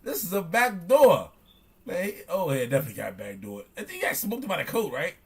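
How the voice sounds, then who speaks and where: A young man, reacting on stream in loud, excitable, slangy commentary that keeps repeating itself. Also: a little high, fast talker, vocal fry, slightly rough. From Chicago. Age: young adult.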